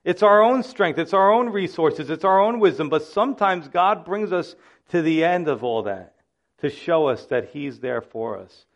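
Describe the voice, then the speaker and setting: A man's voice: a little high, lively intonation, moderate pace. A male pastor delivering a sermon, with impassioned preaching that swells and drops in volume.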